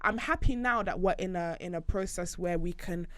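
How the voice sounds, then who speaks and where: A woman chatting casually as a podcast host, animated and swearing freely. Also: fairly low pitch, moderate pace, no room sound. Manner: animated, swears freely, bursts into loud outbursts. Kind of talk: casual chat.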